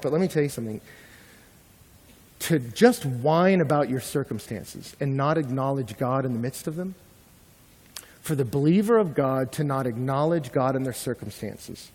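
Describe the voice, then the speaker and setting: Young male pastor, lively sermon delivery, slightly high voice, long hall reverb. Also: breathy edge. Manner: animated preaching, acting out quoted complaints.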